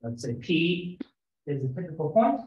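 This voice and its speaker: A man delivers a mathematics seminar, his voice sitting a little high for a man. He explains step by step and thinks aloud as he works through the ideas. The sound is roomy and somewhat muffled, as if caught in a seminar room. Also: very animated, normal speed, darkish tone. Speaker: lecturer. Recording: echoey lecture room, slightly dull sound.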